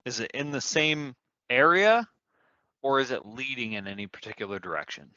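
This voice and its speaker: A man's voice: mid-range voice, lively intonation, normal speed, bright, forceful tone, no room sound, dull audio. A man playing a tabletop game, thinking aloud and asking questions about the scene. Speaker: player.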